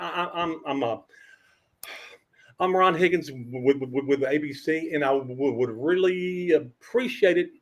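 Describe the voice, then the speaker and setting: An older man telling lively sports anecdotes as a podcast guest, acting out quotes and stammering through restarts. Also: on the high side. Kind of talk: storytelling in a podcast interview.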